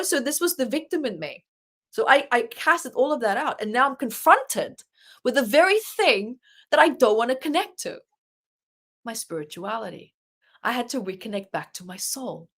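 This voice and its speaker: A woman's voice: on the high side, a bit bright. A woman guest, an author and life coach, earnestly telling a personal story in an interview and acting out her own inner dialogue.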